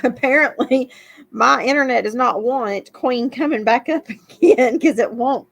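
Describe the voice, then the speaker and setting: A woman's voice: fairly high pitch, measured pace, vocal fry. A woman hosting a live stream in casual, laid-back chat, laughing often.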